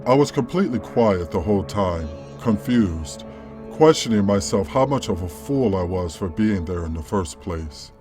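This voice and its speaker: Man, story narrator, calm, measured, somewhat low pitch, soft music behind. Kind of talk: scripted narration of a horror story. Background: faint background music.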